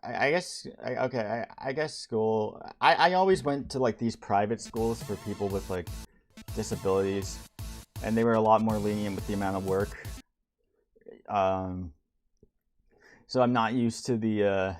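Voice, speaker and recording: A young man streaming as he builds a game level, talking casually in a halting way with many restarts and fillers. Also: lowish voice, soft background music. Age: young adult. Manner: halting, many restarts and ums, reads chat aloud. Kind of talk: casual live-stream talk.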